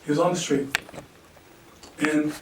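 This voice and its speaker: An American man performing a stand-up comedy set, animated, acting out characters in sudden high voices and laughing at his own jokes. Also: measured pace, a little hiss or hum. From United States. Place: comedy venue stage. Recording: roomy distant stage mic.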